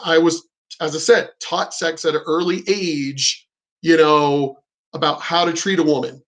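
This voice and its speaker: A man's voice: on the high side, steady tone, unhurried, fairly bright tone. A middle-aged man vlogging, telling a frank, profane and rambling story about his sex life. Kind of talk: candid storytelling monologue.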